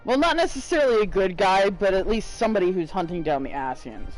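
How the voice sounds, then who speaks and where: A man's voice: high-pitched, fast, hardly any pauses, soft background music, low-quality recording. A man streaming a game, chatting casually with viewers; tired and giggly. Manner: giggly, drowsy, animated.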